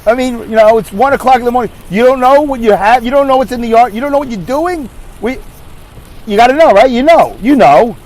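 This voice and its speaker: A man's voice: very high-pitched, expressive, a little fast, a little mellow. A middle-aged man hosting a podcast, telling a ranting story and acting out other people's lines. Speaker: podcast host. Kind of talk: ranting monologue.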